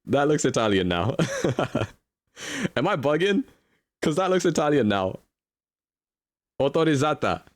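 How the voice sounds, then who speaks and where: A man's voice: fairly high pitch, huge pitch swings, unhurried, long pauses, dry recording, studio quality. Chatty young man thinking aloud. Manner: chatty, thinks aloud, repeats himself, reads chat and answers it. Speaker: streamer. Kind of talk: casual live-stream commentary while playing a geography guessing game.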